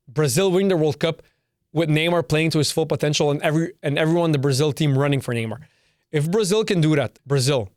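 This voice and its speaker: Young male podcast host, slightly high voice, brash and emphatic, dry close sound. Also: no echo. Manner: brash, emphatic, repeats himself, swears. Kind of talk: casual solo podcast rant.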